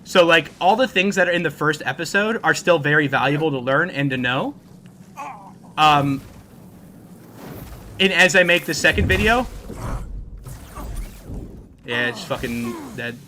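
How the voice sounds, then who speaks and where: A man livestreaming a game and chatting with his viewers, brash and quick to swear and trash-talk. His voice sits high, with a forceful, bright edge. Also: a little hiss or hum. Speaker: game streamer. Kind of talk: casual livestream talk to chat.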